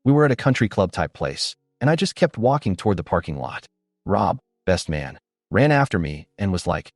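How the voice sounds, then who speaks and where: A man giving scripted first-person narration of a story in a steady, animated storytelling delivery. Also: deep voice, normal speed, dry recording, clean studio sound. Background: faint background music.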